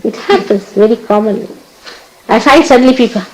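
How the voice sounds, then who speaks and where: A woman speaking as a spiritual teacher to her followers. She scolds gently, laughs often and acts out other people's words. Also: sits high, expressive, extremely slow, long pauses, very noisy.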